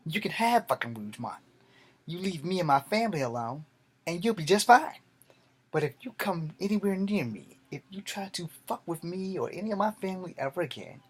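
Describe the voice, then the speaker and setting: Martial artist, male, husky-voiced, intense and profane storyteller. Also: a little high, lively intonation, a little fast.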